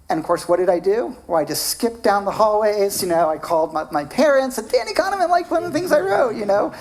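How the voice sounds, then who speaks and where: A middle-aged man delivers a keynote lecture, weaving personal stories into his points. His voice swings lively up and down as he acts out the people in his anecdotes. Now and then he drops in a casual "um". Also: quick pace. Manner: animated storytelling, acts out quoted voices with big pitch jumps. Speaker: professor giving a keynote lecture.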